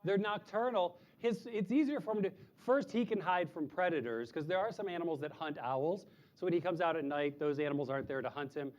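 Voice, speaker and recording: A man's voice: a little fast, few pauses, darkish tone. A man presenting live animals to a group of children, chatty and explaining in simple terms, sometimes hooting like an owl. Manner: imitates owl hoots in a high voice. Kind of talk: live animal show for kids.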